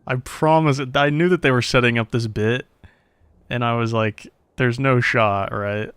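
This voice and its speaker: A man streaming a game, reacting with quick jokes, laughter and swearing. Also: mid-range voice, steady tone, a bit bright, smooth, no echo. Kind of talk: gameplay commentary.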